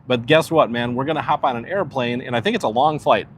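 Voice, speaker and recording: A man's voice: mid-range voice, fast, a little hiss or hum. A man hosting a casual live stream from the outdoor deck of a cruise ship, chatting with viewers in an awed, easygoing way.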